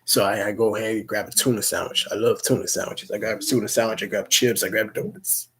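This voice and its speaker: A young man tells a personal story in a husky, breathy voice that sits on the low side. He rambles casually, swears freely and often trips over repeated words as he restarts his sentences. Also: fairly even intonation, quick pace, a bit bright. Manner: rambling, profane, stammering restarts.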